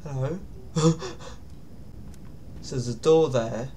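A man's voice: medium pitch, takes it slowly, dark tone, slight background noise. A man giving nervous, jumpy commentary on a horror game, with sudden startled yelps. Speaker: gaming YouTuber.

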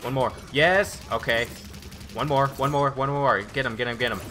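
A man giving excitable, boastful live commentary while playing a video game as a gaming YouTuber. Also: mid-range voice, fairly quick, a little hiss or hum.

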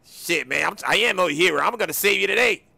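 Gravelly dude hamming it up in game roleplay, bright voice, all over the place, teasing. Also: male voice, sits high, expressive, quick pace. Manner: boastful and teasing, loud street slang. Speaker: gamer in role-play. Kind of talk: playful in-game role-play banter.

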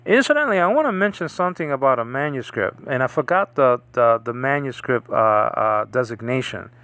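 A man's voice: mid-range voice, animated, fairly quick, fairly bright tone. A man giving an informal lesson on reading New Testament Greek, often restarting and repeating words to drill pronunciation. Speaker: Bible Greek teacher.

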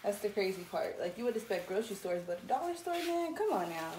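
A woman vlogger chatting casually and talking at the camera, chatty and self-mocking, quick to apologize. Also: medium pitch, very animated. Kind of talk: casual vlog chat.

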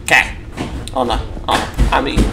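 Give me a loud, excitable man narrating gameplay. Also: medium pitch, a little slow, gravelly. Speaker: host. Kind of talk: gameplay commentary.

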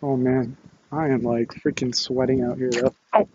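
On a campus walk, a young streamer chats on a livestream via a phone on a selfie stick, laughing, hyped and talking to people he passes while sweaty and breathless. His mid-range voice is steady and a little mellow at normal speed, though the recording is muffled with slight background noise.

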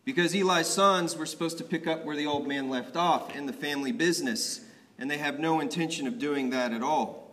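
A man's voice: fairly high pitch, a bit bright. A young man preaching a sermon, telling the story in a vivid, conversational way. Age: young adult. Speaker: preacher at an ordination. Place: church sanctuary. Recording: long church reverb.

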